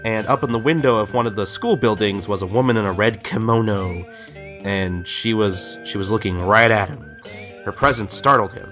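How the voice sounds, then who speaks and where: On a podcast, this co-host chats loosely about a manga, acting out quotes quickly as he retells scenes and filling gaps with frequent ums and uhs. His fairly bright voice sits on the low side, and the lo-fi recording has faint music behind it.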